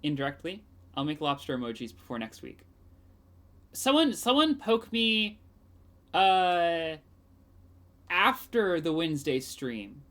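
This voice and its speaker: A woman streamer chatting casually and joking while playing a game, with loud outbursts. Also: deep voice, very animated, takes it slowly, pauses often. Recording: game music playing behind.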